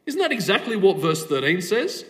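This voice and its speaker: A man's voice: sits high, big pitch swings, moderate pace, fairly bright tone. A man preaching a sermon, asking a string of rhetorical questions with emphatic stress.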